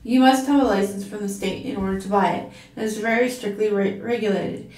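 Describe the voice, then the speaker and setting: A woman's voice: medium pitch, a little fast, darkish tone, lightly acted. A woman reading aloud, voicing a nerdy young man who explains things in a precise, lecturing way. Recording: roomy, from a distance.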